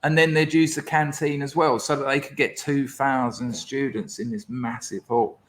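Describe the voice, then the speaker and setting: A man as a podcast guest, telling a lively school anecdote in casual chat, laughing as he goes. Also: mid-range voice, moderate pace. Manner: animated, laughing anecdote teller.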